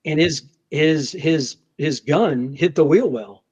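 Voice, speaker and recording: A man, a federal agent, recounting a confrontation in casual conversation, repeating words and acting out what was shouted. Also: on the high side, slow pace, breathy edge. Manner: animated, restarts often, acts out shouted quotes. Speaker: federal agent telling a story. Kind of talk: conversational storytelling. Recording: dull lo-fi podcast audio.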